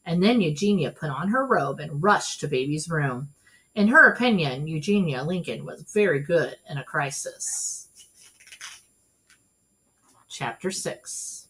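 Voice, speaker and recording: A woman reading a children's storybook aloud in an expressive, animated way. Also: deep voice, a little slow. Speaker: storybook reader.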